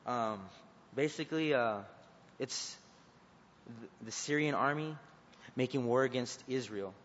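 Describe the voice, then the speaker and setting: A man preaching to students in a halting, earnest way, stopping and restarting often. His voice sits at an ordinary pitch and comes through slightly dull and muffled. A long reverb trails behind him in a large hall, with faint noise underneath. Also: fairly bright tone. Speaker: youth preacher. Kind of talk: informal sermon and prayer.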